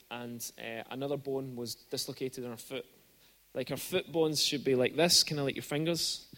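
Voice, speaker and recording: This man, with a mid-range and slightly bright voice, is a guest speaker preaching a sermon at a church service. He tells stories in a chatty, conversational way, building to bursts of rising, emphatic peaks.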